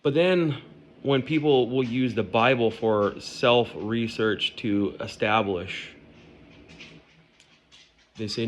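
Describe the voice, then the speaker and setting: A man's voice: lowish voice, slow pace, long pauses, a little hiss or hum. A man hosting a podcast from home, talking conversationally and speaking straight to his listeners. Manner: conversational, addresses listeners directly. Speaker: podcast host. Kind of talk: casual podcast monologue on faith.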